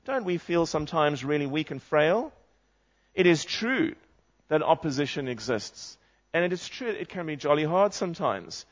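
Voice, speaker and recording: A man's voice: fairly high pitch, big pitch swings, moderate pace. A man preaching a sermon, reading scripture aloud and putting questions to the congregation. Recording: muffled lo-fi sound.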